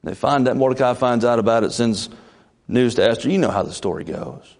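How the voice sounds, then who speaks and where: A man preaching a folksy, conversational sermon as pastor, with sudden leaps in pitch. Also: lively intonation, a little fast, gravelly, darkish tone.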